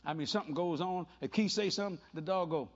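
An older male preacher mixes sermon with storytelling in a slightly high, husky voice. He's animated and playful, laughing and doing quick voices in his anecdotes, on a dull lo-fi recording.

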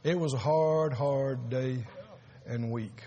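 A man preaching a sermon as pastor, earnest and halting, repeating words and rising to emphasis. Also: mid-range voice, warm tone.

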